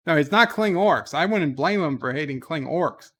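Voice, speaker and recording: Lively man reading his stream chat. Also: a little high, moderate pace. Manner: reads viewer messages aloud with animated emphasis. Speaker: livestream host reading chat. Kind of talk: casual livestream chat. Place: home, talking from bed.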